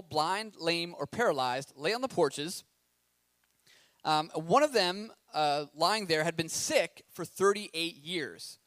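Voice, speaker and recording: A man with a high voice preaches a sermon, moving between reading scripture and chatty, animated asides. He asks his listeners questions as he goes. The sound is dry, with no room echo. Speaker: pastor.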